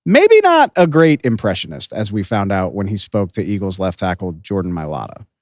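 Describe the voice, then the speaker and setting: A man's voice: fairly low pitch, wildly swooping pitch, moderate pace, no echo, clean studio sound. A man hosting a sports podcast, giving enthusiastic, opinionated casual commentary.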